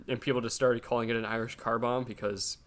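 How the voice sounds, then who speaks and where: A man's voice: mid-range voice, flat delivery, quick pace, a crowd in the background. A man co-hosting a podcast, telling a rambling, profane story in a loose, casual way. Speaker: podcast co-host.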